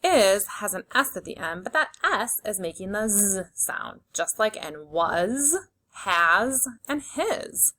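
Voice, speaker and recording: A woman teacher leading a phonics lesson for young children, slowly sounding out words and giving simple, encouraging instructions. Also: mid-range voice, pushed and bright. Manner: slow, clearly segmented sounding-out of words.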